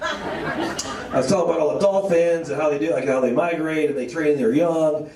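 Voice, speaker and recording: A man with a slightly high voice and a moderate pace performs stand-up on a club stage, telling rambling, self-deprecating stories as the audience laughs along. He sounds far from the mic, and the club is echoey.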